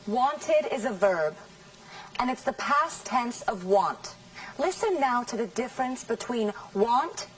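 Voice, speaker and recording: A woman teacher leads a scripted language lesson, speaking at a very slow, measured pace with a slightly high voice. She over-articulates each model sentence for her learners. The mic catches her from a distance. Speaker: English teacher.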